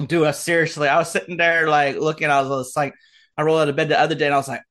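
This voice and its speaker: A man's voice: on the high side, level tone, rapid-fire, fairly bright tone. A man in his late thirties, chatting casually in a rambling, crude way, often acting out what people said. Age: late 30s. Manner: rambling, crude, self-deprecating, trails into mock quotes. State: getting over an ear infection. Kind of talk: casual ranting chat.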